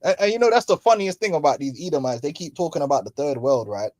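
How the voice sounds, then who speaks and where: A man's voice: a little high, expressive, quick pace, darkish tone, dry recording. Slangy, preachy man with a dry sound. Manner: slangy, mocking, preachy, laughs often. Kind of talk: casual religious commentary. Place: London.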